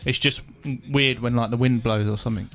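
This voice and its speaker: A young man chatting as a podcast guest, halting and hesitant, with many restarts. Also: medium pitch, steady tone, fairly bright tone, faint music behind. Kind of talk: casual chat.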